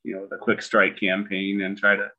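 A middle-aged man co-hosting a podcast in casual chat, making dry jokes with halting fillers. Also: fairly low pitch, completely flat delivery, pushed and bright, muffled recording. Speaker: podcast co-host.

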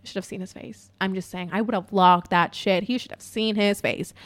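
Young woman, storytime vlog, profane chatty delivery, animated, at home. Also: mid-range voice, brisk. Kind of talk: casual storytime monologue. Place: apartment.

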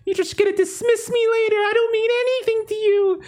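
Dude doing a clingy whiny robot kid, way up high, keeps accusing. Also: male voice, steady tone, brisk, darkish tone. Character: clingy crying little girl robot.

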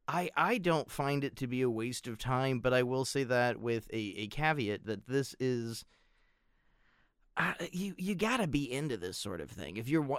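A man's voice: mid-range voice, smooth, dry recording, clean studio sound. An American man co-hosting a casual podcast, rambling and swearing freely with frequent laughs. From United States. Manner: rambling, profane, laughs a lot. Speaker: podcast co-host.

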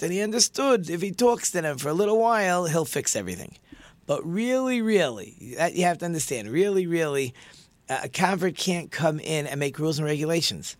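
A man teaches a religious lesson by telling stories and acting out the lines of each character. His voice sits slightly high and swings in pitch as he talks. The recording is dry and close, with no room sound. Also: no room sound. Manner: animated, acts out dialogue, lively shifts in pitch. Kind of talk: storytelling lesson.

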